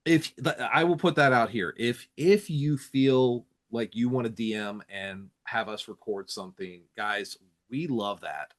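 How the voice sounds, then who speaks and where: Male podcast host, casual banter, mid-pitched voice, quick to tease and laugh. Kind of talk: casual chat.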